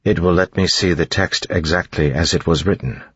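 A man with a husky voice voicing a careful, precise scholar in an audiobook reading. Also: sits low, fairly even intonation, fairly bright tone, no room sound, highs cut off, pitched above the performer's own voice. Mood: measured. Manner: measured, precise.

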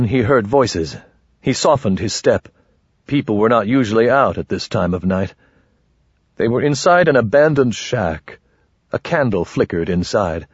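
A man narrating an audiobook in a measured, even storytelling manner. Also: on the low side, breathy edge, no room sound. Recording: muffled dry lo-fi.

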